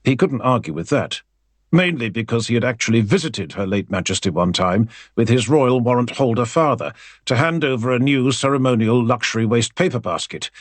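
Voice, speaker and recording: A male audiobook narrator with a wry, expressive way of telling the story. His slightly husky voice rises and falls a lot, and the recording is dry and close. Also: medium pitch, no room sound.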